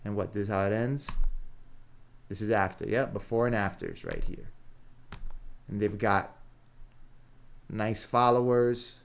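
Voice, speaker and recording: A man acting as a business coach, walking through examples on screen in a casual, punchy way, thinking aloud as he browses and dropping frequent "right?" and "boom". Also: big pitch swings, a little slow, creaky, long pauses, clear, resonant tone. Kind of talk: screen-share walkthrough.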